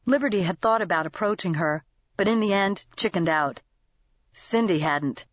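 A woman narrating a novel as an audiobook in a lively, expressive manner. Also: mid-range voice, normal speed, no echo, muffled recording.

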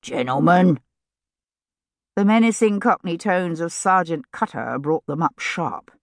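A woman narrating a novel in a measured, lightly amused way. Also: fairly low pitch, animated, gravelly, no room sound, clean studio sound. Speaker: audiobook narrator. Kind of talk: scripted narration. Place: recording studio.

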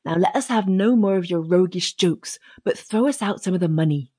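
A woman voicing a pair of scheming male thieves in an audiobook, in a gruff, plotting manner. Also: lowish voice, moderate pace, dark tone. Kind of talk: audiobook character reading.

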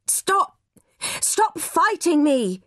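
A woman voicing a frightened, desperate mother of a young boy, pleading in a high, drawn-out voice. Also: sing-song, a bit bright, dry recording, clean studio sound, exaggerated voice. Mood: distraught shouting.

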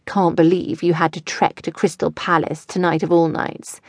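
A woman's voice: on the low side, flat delivery, moderate pace, dry recording, clean studio sound, natural voice. A woman reading a nervous, awkward teenage boyfriend, stammering over his words. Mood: teasing. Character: teenage boyfriend, nervous, eager young man.

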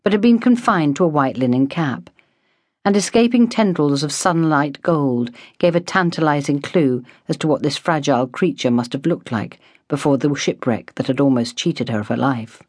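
A woman with a low voice narrates an unabridged novel as an audiobook, measured and expressive as she tells the scripted story. The recording is clean studio sound with no room sound.

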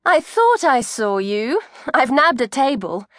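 A woman voicing a cheerful, reassuring young female friend in a bright, raised voice. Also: high voice, sing-song, unhurried, no echo, studio quality, voice pushed up, heavily acted.

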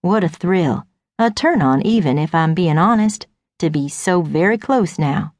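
A woman narrating a first-person audiobook with wry, knowing, deadpan asides. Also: fairly low pitch, measured pace, dry recording.

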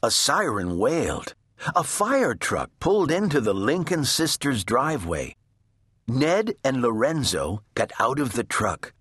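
A man narrating a children's audiobook in a slow, expressive storytelling manner. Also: mid-range voice, slightly rough, no room sound, clean studio sound.

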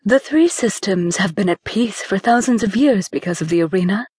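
Audiobook figure: woman narrator doing a serene alien female fighter, measured and formal, dry close sound. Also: mid-range voice, expressive, darkish tone, husky, dry recording. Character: calm, formal alien woman warrior with antlers.

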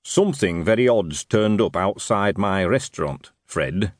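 A man's voice: sits low, lively intonation, a little slow, no echo, studio quality. A man playing a huge restaurant owner who speaks plainly and matter-of-factly.

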